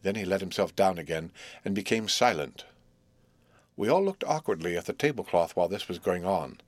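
A man reading a classic novel aloud as a narrator, with measured, expressive storytelling. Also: low-pitched, no echo. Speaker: audiobook narrator.

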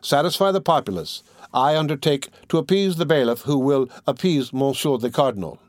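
A man playing a gaunt young stranger in black from a storybook, confident and polite. He speaks in a slightly lifted, even-tempered voice, recorded close and dry. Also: mid-range voice, a little fast, no room sound, close to an everyday voice. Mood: assured. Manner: assured, courteous.

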